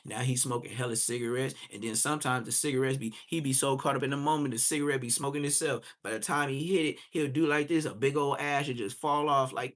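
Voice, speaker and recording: A man on a live stream, animated and profane, mocking other streamers in roasting commentary. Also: mid-range voice, fast, few pauses.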